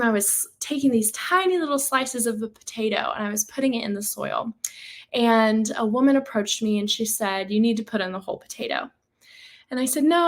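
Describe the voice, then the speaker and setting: A woman's voice: fairly high pitch, a bit bright. A young woman hosting a faith podcast, telling a personal story in an earnest, slightly nervous way with frequent ums. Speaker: podcast host.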